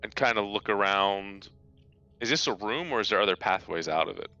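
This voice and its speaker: A man's voice: on the low side, lively intonation, a little fast, bright, forceful tone, clear, resonant tone, muffled recording. A man playing a tabletop game, easygoing and joking with the group. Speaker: player. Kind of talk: casual tabletop play.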